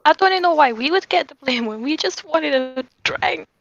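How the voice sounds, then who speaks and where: High-voiced woman on a dull mic. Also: animated, moderate pace, creaky, fairly bright tone. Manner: indignant, protesting. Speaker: player. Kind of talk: casual tabletop play, partly in character.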